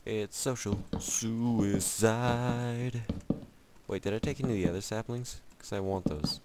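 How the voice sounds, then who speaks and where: Over a very noisy backdrop, a lowish-voiced gameplay commentator talks fast with lively intonation. His let's-play chatter is loose and jokey, full of self-mockery, and aimed as much at the game as at himself.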